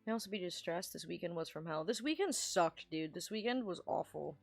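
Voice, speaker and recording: A woman's voice: on the low side, lively intonation, a little fast, creaky, dry recording, faint music behind. Profane ranting woman streamer. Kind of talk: casual livestream chat.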